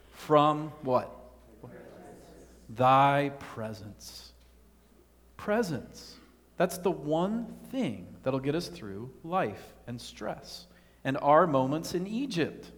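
A man's voice: fairly high pitch, long reverb tail. A man preaching a sermon as pastor, earnest, putting rhetorical questions to his congregation.

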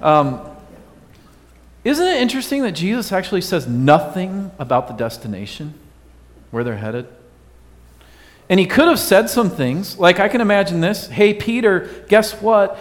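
Chatty pastor preaching in an echoing hall. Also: male voice, high voice, very animated, moderate pace, pauses often. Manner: informal, quizzes the congregation, light humor. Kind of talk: conversational sermon. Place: church sanctuary. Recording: long hall reverb.

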